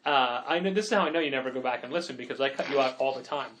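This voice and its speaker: A man co-hosting a podcast in casual chat, rambling with quick asides and frequent laughs. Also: mid-range voice, fairly bright tone, a little hiss or hum. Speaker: podcast co-host and comic shop owner.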